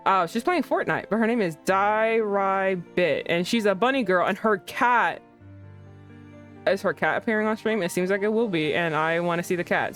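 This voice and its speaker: A young woman hosting a casual livestream chat, excitable, swearing and breaking into laughing outbursts. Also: fairly low pitch. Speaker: streamer host.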